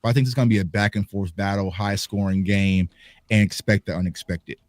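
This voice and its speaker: A man making his pick in casual sports chat, measured and unhurried, with frequent "um"s. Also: on the low side, fairly even intonation, no echo. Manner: measured, lots of "um" and "you know". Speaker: Cowboys fan panelist.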